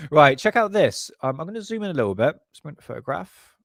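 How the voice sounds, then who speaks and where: A man's voice: fairly high pitch, creaky, a bit bright, no echo. Crude joking man, dry sound. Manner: crude, joking, laughs often. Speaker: channel host. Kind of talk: casual commentary on paranormal photos.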